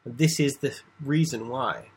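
A man's voice: medium pitch, animated, measured pace, breathy edge, low-quality recording. A man giving an informal Bible lecture, talking conversationally with restarts and asides. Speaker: Bible teacher.

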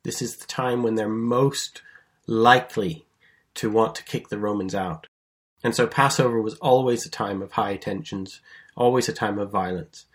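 A man giving an explanatory Bible lesson, telling the story in a lively, conversational way with emphatic stresses and small restarts. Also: on the low side, normal speed. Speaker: Bible teacher.

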